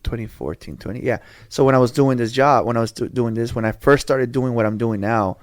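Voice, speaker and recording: A man's voice: medium pitch, brisk, no room sound. Dry-voiced man telling a rambling story. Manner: rambling, slangy, lots of restarts. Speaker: podcast host. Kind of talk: casual storytelling chat.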